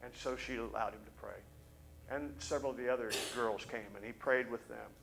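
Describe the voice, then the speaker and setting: Male pastor, mid-range voice, animated storyteller in a Sunday sermon. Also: mid-range voice, fairly quick, creaky, slight background noise, low-quality recording. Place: church service.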